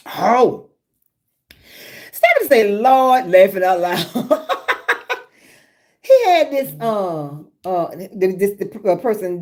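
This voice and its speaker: Lively laughing woman storyteller. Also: mid-range voice. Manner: lively storytelling, laughing often, drawling Southern speech. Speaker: livestream host. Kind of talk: casual chat with live viewers.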